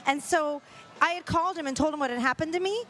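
A woman's voice: high voice, fast talker, a bit bright, slight background noise. A woman hosting a podcast, telling frank stories in casual chat and laughing often. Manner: candid storyteller, laughs often. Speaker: podcast host.

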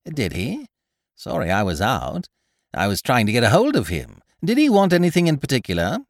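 A man voicing an excitable, easily flustered young gentleman who bursts out in eager exclamations. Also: medium pitch, normal speed, gravelly, dry recording, clean studio sound. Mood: jovial.

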